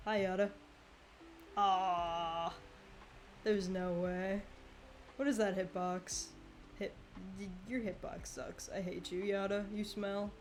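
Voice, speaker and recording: A young woman talks casually over her own gameplay, unhurried and relaxed in her delivery. She breaks into laughter often and reacts loudly when the game goes wrong. Faint music plays underneath her voice. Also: mid-range voice. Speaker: streamer.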